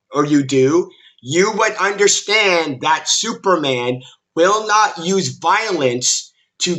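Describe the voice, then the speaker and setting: A man delivering an opinionated commentary vlog in a bright, forceful, slightly high voice. He takes his time, talking slowly and emphatically, and he repeats his points while mocking his audience in a combative tone. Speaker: commentary vlogger.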